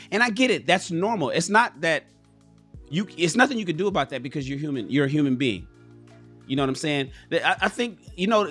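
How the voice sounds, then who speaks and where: An animated male livestream host whose voice sits fairly high, emphatic and profane as he lectures his viewers directly. Faint music runs underneath. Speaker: livestream talk show host. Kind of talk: casual livestream commentary.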